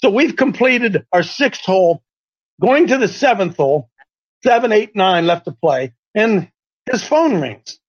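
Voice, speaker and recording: Husky high-voiced man telling a story. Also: a little slow, dull audio. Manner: animated, stumbling, repetitive storyteller. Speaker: host. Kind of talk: faith talk show storytelling.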